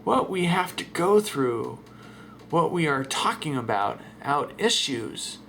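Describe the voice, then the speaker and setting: A man voicing a rambling, excited middle-aged radio caller who talks slowly and halting, repeating himself in a comic voice-over dub. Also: a little high, gravelly, a little hiss or hum, heavily acted.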